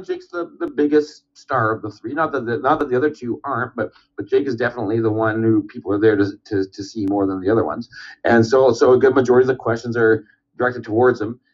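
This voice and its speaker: A man's voice: medium pitch, lo-fi sound. A man telling rambling, profane stories in a casual podcast interview, acting out the voices of people he talks about.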